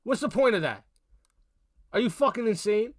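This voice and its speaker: A man's voice: high voice, lively intonation, moderate pace, no echo, studio quality. A young man hosting a livestream, ranting bluntly at his chat with heated language and constant cursing. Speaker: livestream host. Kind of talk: profane livestream rant.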